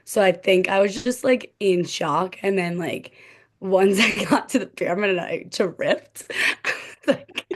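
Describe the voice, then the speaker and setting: A young woman tells her story as a podcast guest in easy, casual chat. Her voice sits at a middle pitch. She sprinkles "like" everywhere and laughs lightly between words. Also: unhurried. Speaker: podcast guest, former cheerleader.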